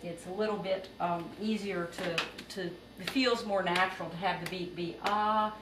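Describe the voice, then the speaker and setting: A woman's voice: on the low side, fairly even intonation, normal speed. Patient woman teaching music rhythm. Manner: patient, step-by-step explaining. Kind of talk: music theory lesson. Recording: roomy, distant, noisy home recording.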